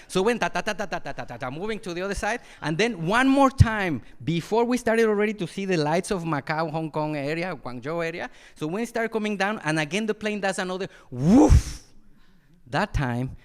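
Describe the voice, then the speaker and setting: High-voiced monk telling a lively story. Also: male voice. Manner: animated storyteller, imitates sounds and voices. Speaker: monastic teacher. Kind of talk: dharma talk with storytelling. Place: retreat hall.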